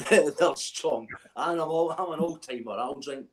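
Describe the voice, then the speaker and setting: A man's voice: on the high side, measured pace. Scottish man, rambling and noisy. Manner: swearing, laughing, rambling. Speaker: chat guest. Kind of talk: casual chat.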